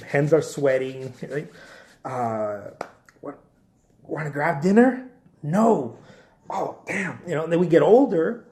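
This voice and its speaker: A man, a painter, giving casual motivational career advice to viewers, repeating himself and often asking "right?". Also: fairly high pitch. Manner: animated, repeats phrases, asks "right?" often. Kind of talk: casual motivational live talk.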